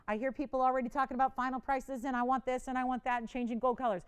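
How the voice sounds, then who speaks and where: A middle-aged woman selling jewelry on live television, talking in a smooth, resonant voice set a little above the usual for a woman. She pushes hard and repeats herself for emphasis. She drops into quiet, confiding asides, then climbs into loud, excited bursts. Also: sits high, racing. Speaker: shopping channel jewelry host. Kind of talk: live sales pitch.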